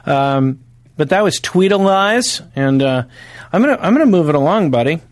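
A man co-hosting a comedy podcast, riffing crudely and rambling through lots of filler pauses. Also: on the high side, expressive, no echo. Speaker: podcast co-host.

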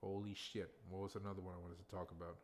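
A man's voice: deep voice, level tone, fast talker. Blunt, profane man ranting on a podcast. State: tipsy from drinking. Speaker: podcast host. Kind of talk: casual ranting monologue.

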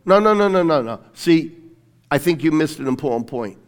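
A man's voice: fairly high pitch, expressive, moderate pace, clean tone. A man preaching a sermon with fervent emphasis, leading his congregation in phrases to repeat after him. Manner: fervent, emphatic preaching, swinging between loud declarations and quieter teaching. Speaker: pastor.

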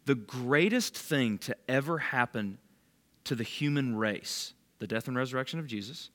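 A man teaching a small group in a relaxed, chatty sermon, his pitch swinging up and down with animated emphasis. He keeps checking in with listeners and calls on them by name. His voice sits at an ordinary middle pitch. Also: normal speed. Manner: conversational, quizzes listeners by name. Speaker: bible study leader.

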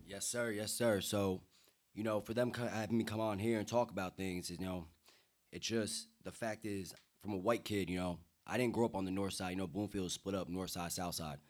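Laid-back young man, low voice. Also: fairly even intonation, brisk. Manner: laid-back slangy talk, many fillers. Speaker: podcast guest. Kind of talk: casual podcast chat. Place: table indoors with drinks.

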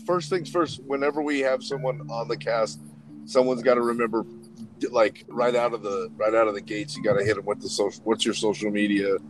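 A man's voice: mid-range voice, fairly even intonation, brisk, music in the background, low-quality recording. A man co-hosting a podcast from his car, joking crudely and teasing his friends. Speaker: podcast co-host. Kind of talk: crude casual banter. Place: in a car, remote call.

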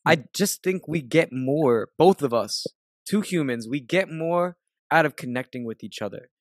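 A man, a music producer and podcast guest, telling a loose, animated story in casual chat and swearing freely. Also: a little high, moderate pace, no echo, clean studio sound. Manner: laid-back and animated, swears freely, acts out dialogue.

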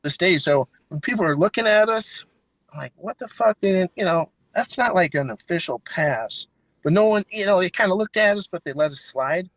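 A man telling casual, animated stories as a guest, now and then swearing and acting out what people said. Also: sits high, fairly quick, no room sound. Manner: animated, swearing, acts out quotes. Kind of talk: casual storytelling. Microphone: phone line. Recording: dull phone-line audio.

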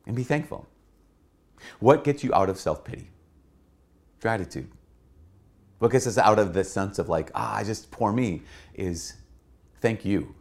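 A man's voice: lowish voice, expressive, measured pace, long pauses. A middle-aged man, a Catholic priest, giving an earnest spoken reflection and repeating key phrases for emphasis. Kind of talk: spoken homily-style reflection.

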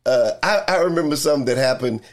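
An older man preaching a sermon as pastor, repeating key lines with emphasis and slow, drawn-out pauses. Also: medium pitch, animated.

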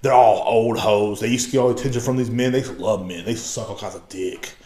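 A man's voice: on the low side, steady tone, a little fast, mellow. A young man hosting his own podcast, ranting in a crude, rambling and profane way. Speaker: podcast host. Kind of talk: casual rant.

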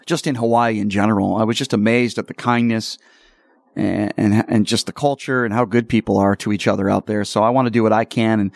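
A man hosting a political talk radio show, speaking combatively and slowing down to stress his points. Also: fairly low pitch, fairly even intonation, creaky, no room sound, clean studio sound. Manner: combative, slows down for emphasis.

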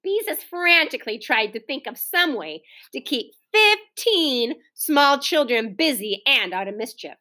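A woman's voice: high-pitched, unhurried, few pauses. A woman reading a children's book aloud, talking directly to young listeners between passages. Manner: animated, doing children's voices, talks to listeners directly. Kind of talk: read-aloud storytime for kids.

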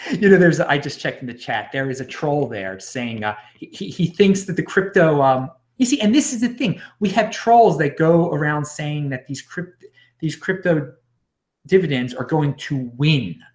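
A man rants on his livestream with a sarcastic, combative edge. His pitch swings widely as he needles his critics, and his voice rings around a roomy, echoey space. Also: lively intonation, unhurried. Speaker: livestream host. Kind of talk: ranting livestream commentary. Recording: roomy echo.

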